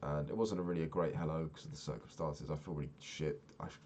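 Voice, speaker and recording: A young man chatting casually while playing a game, rambling and swearing, sounding low and sad. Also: fairly even intonation, fast, a little mellow. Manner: swears often, rambling and candid. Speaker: Minecraft vlogger.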